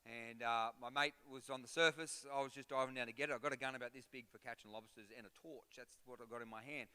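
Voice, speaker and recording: Bright-voiced pastor preaching in a hall. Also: male voice, mid-range voice, fast talker, smooth. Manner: animated storytelling, builds to loud rhythmic exhortation. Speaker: guest pastor. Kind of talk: sermon with storytelling. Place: church auditorium. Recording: reverberant church hall.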